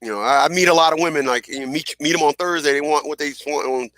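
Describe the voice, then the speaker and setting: Animated man telling stories in a dry studio. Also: fairly high pitch, quick pace, no room sound. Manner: animated, repeats phrases, acts out quotes. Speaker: radio show host. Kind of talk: casual storytelling monologue.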